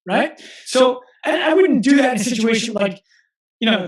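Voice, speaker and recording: A fairly high-voiced man in his thirties speaks earnestly as an interview guest, and he often restarts his sentences as he tells stories. His voice carries a roomy echo. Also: lively intonation. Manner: earnest, storytelling with quick restarts. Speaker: guest, physical therapist and coach. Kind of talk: conversational interview.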